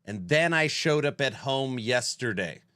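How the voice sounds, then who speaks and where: A man's voice: mid-range voice, lively intonation, a little slow, pushed and bright, clean tone, no echo, studio quality. A man in his forties hosting a casual livestream and reading chat aloud. He sounds stuffed up and worn out and talks in a rambling, self-mocking way. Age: 40s. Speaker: streamer host.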